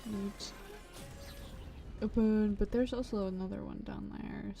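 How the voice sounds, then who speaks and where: A woman's voice: mid-range voice, steady tone, unhurried, vocal fry. A woman streaming a video game, chatting casually in a rambling, profane way and cutting herself off mid-sentence. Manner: rambling, profane, self-interrupting. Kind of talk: casual gameplay commentary. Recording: voice over loud game music.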